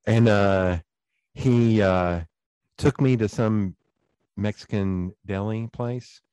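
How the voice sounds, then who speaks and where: A man with a Southern East Tennessee accent, hosting a podcast and telling animated stories in casual chat, swearing freely. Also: on the low side, slow, clear, resonant tone, no room sound. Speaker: podcast host.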